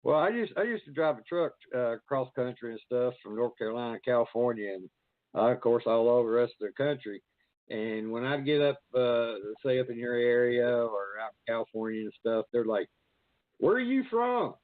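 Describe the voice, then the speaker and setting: A man's voice: mid-range voice, a little fast, no echo. A man from Virginia with a Southern Appalachian accent, chatting casually as a podcast host, laughing often and swearing freely. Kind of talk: casual chat. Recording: tinny phone-like line, dry.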